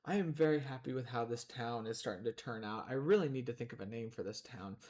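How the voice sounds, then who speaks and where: A young gaming streamer with a mid-range, darkish voice talks quickly and casually about his building game. He's chatty and rambling, sometimes speaking between bites of food.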